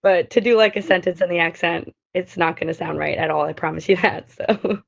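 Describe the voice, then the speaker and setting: A woman's voice: on the low side, brisk, gravelly, muffled recording. A young woman and study abroad alumna, chatting casually over a video call with lots of fillers. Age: young adult. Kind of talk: casual chat.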